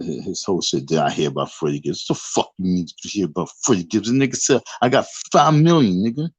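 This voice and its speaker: A man's voice: sits low, breathy edge, no echo, low-quality recording. A middle-aged man giving rambling, profane reaction commentary as a vlogger, restarting his sentences over and over. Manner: excitable, repetitive restarts, profane street talk.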